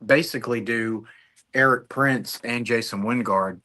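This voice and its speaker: A man's voice: mid-range voice, a little slow, sharp tone. A man speaking as a guest on a casual interview show, talking in a crude, conversational way and swearing freely. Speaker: guest investigator.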